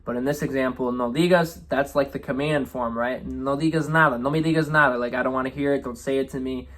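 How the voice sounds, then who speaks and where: A man teaching Spanish through song lyrics in a relaxed way, often checking in with "right?" and "okay?" as he explains. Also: medium pitch, fast.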